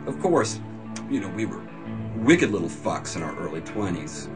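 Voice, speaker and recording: A man with a low voice recounts his early years in measured, dry sentences. His tone is wry and matter-of-fact, and faint music plays under him. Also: sing-song. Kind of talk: reflective interview recollection.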